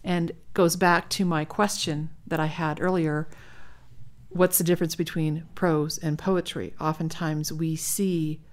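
Lower-voiced woman co-hosting a chat. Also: level tone, a little slow. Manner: attentive listener, short affirmations, easy laughs. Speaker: podcast co-host. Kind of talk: conversational podcast chat.

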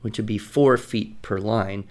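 A man co-hosting a podcast, explaining things patiently and reciting verse slowly in rhythm. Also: on the low side, steady tone, darkish tone. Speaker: podcast co-host teaching writing. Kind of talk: conversational teaching.

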